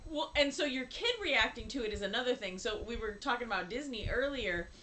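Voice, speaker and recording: Woman in her fifties, podcast co-host, high voice, laughs a lot, acts out quotes. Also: expressive, brisk, bright, forceful tone, slight background noise, low-quality recording. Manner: laughs often, acts out quotes with big pitch jumps. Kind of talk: casual chat.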